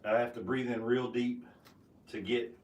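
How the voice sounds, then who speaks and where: A man giving a casual tasting review of bourbon, talking with halting restarts and fillers. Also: mid-range voice, level tone, darkish tone, echoey room, distant mic. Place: home basement room.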